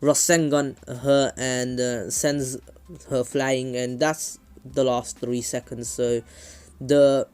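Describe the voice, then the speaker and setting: A man's voice: medium pitch, flat delivery, slow pace, darkish tone, clean tone. A man casually retelling a fan-made anime story, rambling, often correcting himself and filling gaps. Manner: rambling, with fillers and self-corrections.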